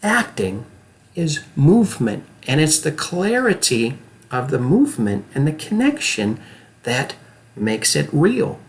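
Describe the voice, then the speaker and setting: A man's voice: on the high side, wildly swooping pitch, slow pace. A middle-aged man who works as an acting coach, giving an earnest, emphatic lesson straight to camera and often checking in with the viewer.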